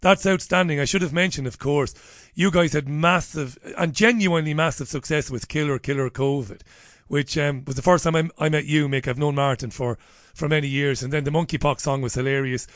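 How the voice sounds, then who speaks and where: A man's voice: on the high side, fairly quick, no room sound. A man hosting a radio show from a studio, chatty and jokey as he interviews a guest. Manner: chatty, jokey, lively banter. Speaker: radio host.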